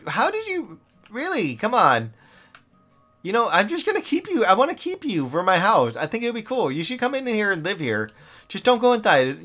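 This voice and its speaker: A man's voice: high voice, fairly bright tone. Chatty male streamer with a lighter voice. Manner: chatty, rambling, laughs often, talks to game characters. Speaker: gaming streamer. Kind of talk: casual live-stream chat while playing.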